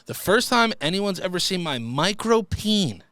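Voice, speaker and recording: A man's voice: sits high, big pitch swings, unhurried, fairly bright tone, no echo, clean studio sound. A young man hosting a podcast, reading out listener stories and joking crudely about them in a casual, profane way. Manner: crude, joking, swears freely. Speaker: podcast host. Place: podcast studio.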